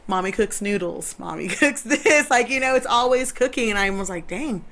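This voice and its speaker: A woman on a podcast as a guest cook, telling stories in a lively, casual way and laughing often. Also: a little high, normal speed. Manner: animated storyteller who laughs often.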